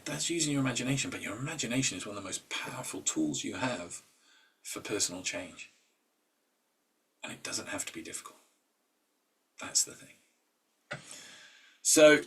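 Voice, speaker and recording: A man's voice: mid-range voice, fairly bright tone, breathy edge, distant mic. A man leading an informal mindset workshop. He talks conversationally, with fillers and restarts, and acts out inner voices in quoted asides. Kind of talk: informal talk.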